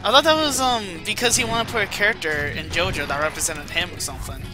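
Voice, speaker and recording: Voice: mid-range voice, quick pace, music in the background. A podcast co-host in casual chat who laughs often and teases with short interjections.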